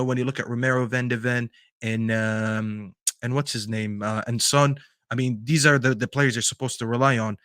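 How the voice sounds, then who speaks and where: A man co-hosting a football podcast, giving strong opinions in a casual, animated debate. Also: mid-range voice, no echo, studio quality. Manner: opinionated, animated, talks over hesitations.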